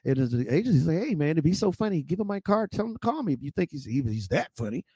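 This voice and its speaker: A middle-aged man, a stand-up comedian, telling stories with lively impressions and laughter in a casual interview. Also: fast talker, breathy edge, no echo. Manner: acts out voices with high-pitched impressions and laughs. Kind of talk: animated storytelling.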